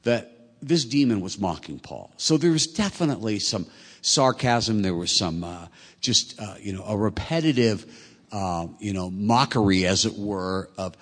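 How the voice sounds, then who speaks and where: A man's voice: fairly low pitch, animated, moderate pace. A man preaching a sermon as a pastor in a conversational way, often asking his listeners rhetorical questions. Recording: echoey hall.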